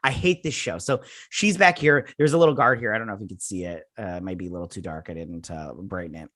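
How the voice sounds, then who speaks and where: A man's voice: low voice, fast talker, fairly bright tone, dry recording. Guy doing a snarky recap rant, mocks everything, dry close sound. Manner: sarcastic, mocking, acts out characters in silly voices. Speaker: video host reviewing a TV episode. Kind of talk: casual spoiler recap and rant.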